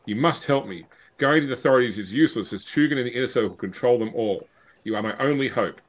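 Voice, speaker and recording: A man's voice: mid-range voice, fast, lightly acted, rough recording. A man reading out a letter as a frightened male cult member pleading for help.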